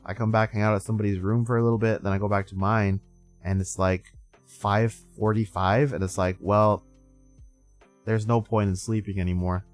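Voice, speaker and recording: A man's voice: lowish voice, level tone, normal speed, soft background music. A man in his twenties hosting a live stream, chatting casually, sleepy and rambling with frequent laughs. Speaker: streamer host.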